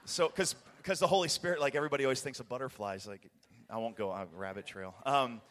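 A passionate American man tells a rambling church testimony, breaking into laughter and bursts of excitement. His voice sits at an ordinary middle pitch. The sound carries a long, echoing reverb from a large church hall. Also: quick pace, a little hiss or hum. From United States. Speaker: guest preacher giving a testimony. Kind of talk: sermon testimony storytelling. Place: church sanctuary.

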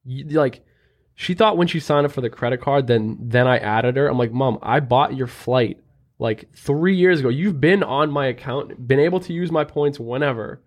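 A young man talks casually on a podcast, wandering through anecdotes with plenty of fillers. His voice sits at an ordinary middle pitch, and his delivery stays loose and conversational. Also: normal speed. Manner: rambling storyteller, lots of "like" fillers. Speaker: podcast co-host. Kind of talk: casual chat.

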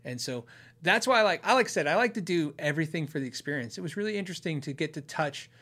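A middle-aged man from Arizona with a fairly high voice hosts a guitar show in a loose, rambling chat. He chuckles often and trips over his own sentences, circling back to his points. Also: lively intonation, fast talker, sharp tone. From Arizona, USA. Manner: rambling, chatty, laughs often, restarts sentences. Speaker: host of a guitar channel and podcast. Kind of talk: casual chat answering viewers.

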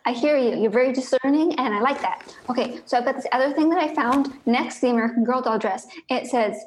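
A woman's voice: high-pitched, fast, slight background noise, natural voice, low-quality recording. A woman voicing a friendly, matter-of-fact island woman who collects shiny trinkets, in an improvised audio comedy. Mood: upbeat. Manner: upbeat, matter-of-fact, encouraging.

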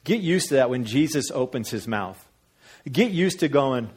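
Husky-voiced guy preaching, lively storyteller, jumps high when he acts out voices. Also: normal speed. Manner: animated, acts out quoted voices with big pitch jumps. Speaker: pastor. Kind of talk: sermon.

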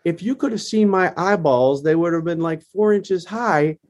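A man's voice: high-pitched, normal speed, a little mellow. A middle-aged man, a bereaved father, speaking earnestly and emotionally as a podcast guest. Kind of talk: podcast interview.

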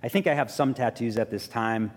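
A man pastor, telling a personal story in a sermon with lively self-mocking humor, then growing soft and quiet for reflection. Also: medium pitch, fairly quick, in a large hall. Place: church sanctuary.

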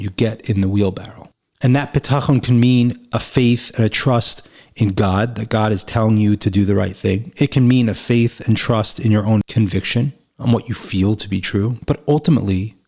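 A man gives a reflective spiritual teaching and tells a parable along the way. He speaks with an earnest, measured build, circling back on key phrases for emphasis. His voice sits somewhat low. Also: a little mellow.

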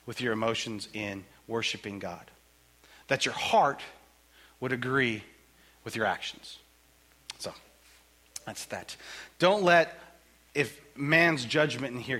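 A male pastor gives a sermon in a church, joking and talking to the congregation like a conversation. His voice is bright and fairly high for a man. His pitch swings widely as he preaches.

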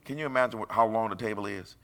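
Gravelly preacher man, bright delivery. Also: lowish voice, racing. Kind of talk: sermon.

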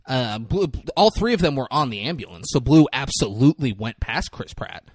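A man's voice: mid-range voice, big pitch swings, moderate pace, no room sound, clean studio sound. A young man casually recapping a movie on a podcast, swearing, laughing often and acting out lines from scenes. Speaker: podcast co-host.

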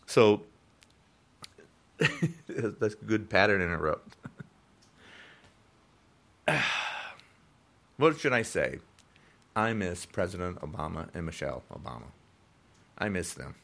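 A man's voice: low-pitched, expressive, slow pace, gravelly, long pauses, fairly bright tone. A man of sixty ranting on his own podcast, heated and repetitive, his voice jumping up when he gets indignant. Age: 60s. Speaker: podcast host. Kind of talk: political rant podcast.

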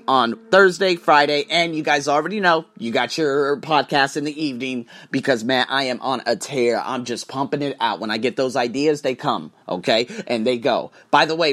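A man hosting a podcast, talking as a teacher in a profane, ranting, animated manner. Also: mid-range voice. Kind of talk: casual monologue podcast.

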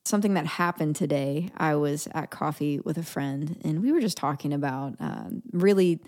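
Low-voiced woman chatting playfully. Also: moderate pace, a little mellow. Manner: playful, laughs often, drops into whispers for asides. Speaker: podcast host. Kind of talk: casual solo podcast chat.

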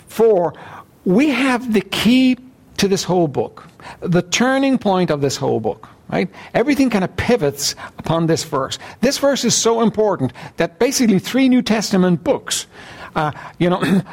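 A pastor preaches in a fairly high-pitched voice, reading scripture and then explaining it. His delivery is earnest, and he clears his throat now and then.

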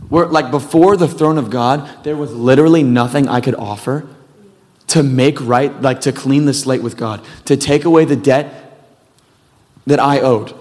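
A man's voice: medium pitch, moderate pace, a little mellow. Casual preacher man in a reverberant hall. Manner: casual, rambling, self-deprecating asides. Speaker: pastor. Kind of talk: sermon.

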